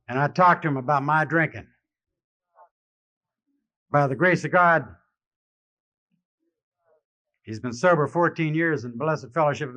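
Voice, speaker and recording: A man in a convention hall, speaking from a podium in a slightly high voice, mixes self-mocking humor with halting emotion and frequent restarts. It is a dull, lo-fi archival recording, as if played from an old tape. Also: bright, forceful tone. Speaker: speaker sharing his recovery story. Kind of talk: live personal testimony speech.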